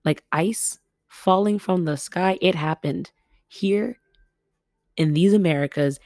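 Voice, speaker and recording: A young woman from Los Angeles chats through her solo podcast at her family home. Her voice sits low, and she laughs often and breaks into loud exclamations. The sound is close and dry. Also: slow pace, no echo. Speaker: podcast host. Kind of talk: casual solo podcast chat.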